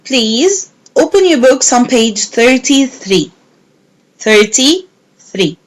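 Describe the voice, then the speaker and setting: A woman teacher giving a recorded English lesson to young pupils, repeating words slowly and clearly. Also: high-pitched, big pitch swings, low-quality recording. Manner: slow, clear, repeating words and clapping syllables.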